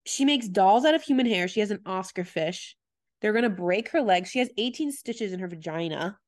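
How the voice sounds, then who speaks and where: A woman in casual conversation, retelling scenes from a show with loose, chatty energy. Her voice sits in an ordinary middle pitch for a woman, and she drops into short quoted voices as she goes. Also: animated, a little fast. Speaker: podcast co-host recapping a TV episode. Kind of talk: casual chat.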